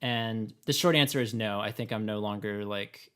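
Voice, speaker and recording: A man with a raspy voice, co-hosting a podcast in casual, rambling chat full of fillers. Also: fairly low pitch, moderate pace, fairly bright tone. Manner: rambling, many fillers and laughs. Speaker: podcast co-host.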